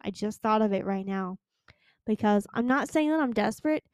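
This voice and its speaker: A woman's voice: mid-range voice, expressive, moderate pace, darkish tone, clear, resonant tone, no echo. A teenage girl hosting her own podcast, chatting casually and pleading earnestly with her listeners. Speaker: podcast host. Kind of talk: casual solo podcast chat.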